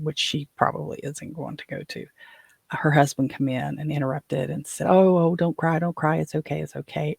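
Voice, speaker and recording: An older man tells a personal story on his own show, rambling and restarting his sentences as he goes. His voice is husky and gravelly, with a fairly flat, monotone delivery. The sound is dry and close, with no room echo. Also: fairly high pitch. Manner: rambling, with frequent restarts and trailing fillers. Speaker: podcast host.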